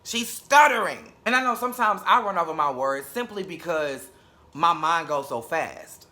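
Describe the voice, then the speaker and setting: Young male reviewer, sassy and blunt, very bright and fairly high voice. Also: animated, moderate pace. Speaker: reality TV reviewer. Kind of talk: casual episode review.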